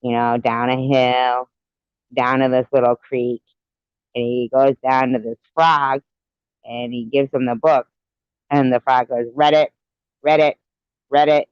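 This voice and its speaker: A woman's voice: a bass voice, little pitch movement, unhurried, pauses often, smooth, no echo, highs cut off. A woman hosting a casual livestream, chatting with viewers and telling rambling jokes with frequent giggles. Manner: giggly, rambling joke-teller. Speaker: livestream host.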